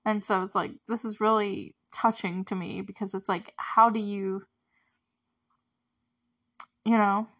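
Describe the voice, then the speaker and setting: A woman's voice: mid-range voice, fairly even intonation, measured pace, pauses often, a bit bright. A young woman casually recapping a TV episode, chatty and filler-heavy, laughing often. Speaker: show recapper.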